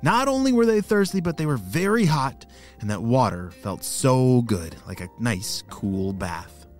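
A man's voice: mid-range voice, big pitch swings, a little slow, soft background music. A man hosting a children's story podcast, narrating in an enthusiastic, playful way.

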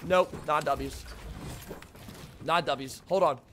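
A man's voice: on the high side, slow pace, fairly bright tone, a little hiss or hum. A young man streaming a video game live, chatting with his viewers, greeting them by name and repeating himself when flustered. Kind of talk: live gameplay commentary to chat.

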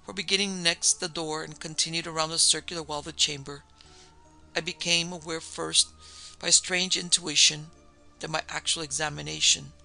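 A man reads a supernatural tale in a measured, steady way, with a heavily gravelly, fry-laden voice. His tone is very bright and cutting, sitting a little above the usual male pitch. Faint music plays behind him. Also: low-quality recording. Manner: measured, even storytelling delivery. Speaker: narrator and producer. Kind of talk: scripted narration of a ghost story.

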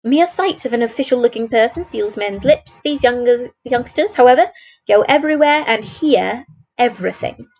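A woman voicing a sharp, dryly amused male detective in a storybook read-aloud, speaking in a crisp, measured way. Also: a little high, animated, low-quality recording. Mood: brisk.

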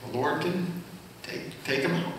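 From far off in a very echoey church sanctuary, a senior pastor preaches in a fairly high, slightly bright voice, unhurried and conversational. He poses questions to the congregation, and there is slight background noise.

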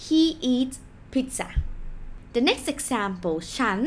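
A woman's voice: a little high, expressive, a little hiss or hum. Patient woman teaching a language lesson. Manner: slow, patient explaining with repeated example words.

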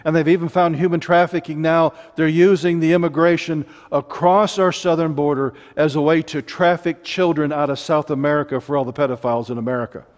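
A middle-aged preacher with an Ozarks accent delivers an impassioned, rambling sermon full of joking asides. His voice sits notably high for a man. A long reverb hangs on every phrase. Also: fairly even intonation, a little fast, hardly any pauses.

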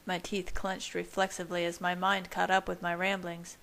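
A woman reading a first-person romance story aloud in a steady, intimate manner. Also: on the low side, moderate pace, gravelly, few pauses, poor audio. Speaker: fan fiction reader. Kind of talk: audiobook narration.

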